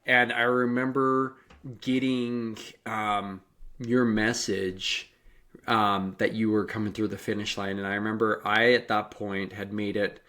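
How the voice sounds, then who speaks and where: A man's voice: fairly low pitch, flat delivery, unhurried, bright, forceful tone. A man hosting a podcast interview and coaching, talking in a rambling, encouraging way with many restarts. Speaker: podcast host and running coach. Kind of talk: casual interview chat.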